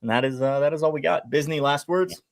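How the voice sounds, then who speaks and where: A man's voice: on the high side, fast. A man hosting a sports betting show, chatty and upbeat as he runs through picks for viewers. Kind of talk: casual sports betting talk.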